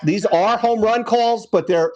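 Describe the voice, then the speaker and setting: A middle-aged man hosting a relaxed sports podcast, keeping things moving and setting up each clip. His voice is notably high for a man. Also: measured pace, dull audio. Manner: easygoing, steers the show and cues clips. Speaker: podcast host. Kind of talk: casual sports podcast chat.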